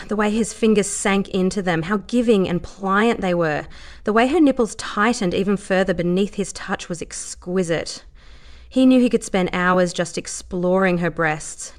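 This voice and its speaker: A woman narrating a story aloud in an even, measured reading voice. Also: on the low side.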